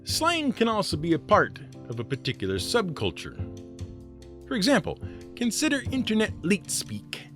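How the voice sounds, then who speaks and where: A man hosting a podcast segment, reading a scripted narration with wry, sardonic asides. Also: a little high. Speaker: host. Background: music.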